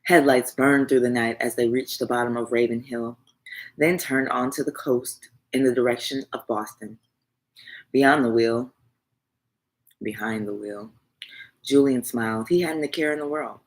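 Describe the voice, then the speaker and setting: A woman narrating a romance novel for an audiobook, in an even, measured reading voice. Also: extremely low pitch, rough recording.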